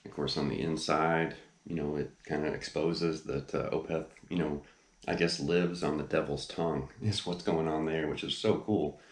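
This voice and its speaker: A man's voice: a bass voice, steady tone, moderate pace, reverberant. A man hosting a guitar lesson video, seated in front of a camera and chatting enthusiastically with lots of fillers. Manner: enthusiastic, rambling with many fillers. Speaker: guitar teacher, channel host. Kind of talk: casual video lesson talk. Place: indoor room, seated facing camera.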